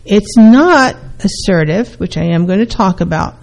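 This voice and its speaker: A woman's voice: mid-range voice, lively intonation, normal speed, vocal fry, a little mellow, rough recording. A middle-aged woman, a counselor, hosting a talk show and explaining behaviors, now and then acting out short quoted exchanges.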